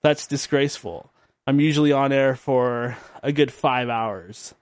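A man's voice: medium pitch, unhurried, no room sound, studio quality. A man hosting his own late-night podcast, rambling and joking at his own expense, tired and drowsy. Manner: rambling, joking, self-mocking. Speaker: podcast host. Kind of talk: late-night radio show monologue.

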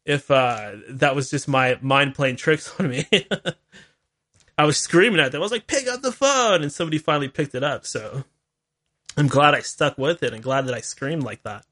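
A man's voice: mid-range voice, moderate pace, pushed and bright. A man hosting a call-in talk radio show, rambling and chatty with laughing asides.

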